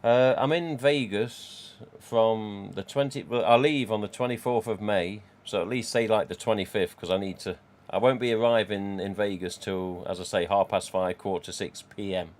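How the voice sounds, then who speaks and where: Chatty man, low voice. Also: normal speed, few pauses. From England. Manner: rambling, chatty, reads out chat. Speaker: live stream host. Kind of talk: casual live stream chat. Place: home.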